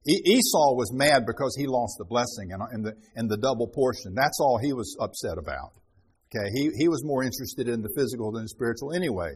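A man's voice: mid-range voice, animated, fast, breathy edge. A man preaching a Bible-teaching sermon, reading scripture aloud with rising emphasis and then explaining it in loose, restarting talk.

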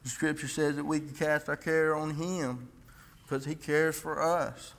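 A man's voice: on the high side, little pitch movement, unhurried, fairly bright tone, in a large hall. A man giving an informal, earnest church sermon, reading scripture and often restarting his sentences. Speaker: lay preacher.

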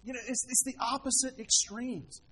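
A man's voice: very high voice, steady tone, moderate pace, pushed and bright, poor audio. A man giving a conversational sermon as a pastor, often asking rhetorical questions.

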